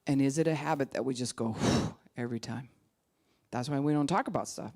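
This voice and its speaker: A woman pastor giving a conversational sermon, animated, acting out quoted voices and sometimes dropping to a hushed, calm tone. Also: rumbling low, fairly quick.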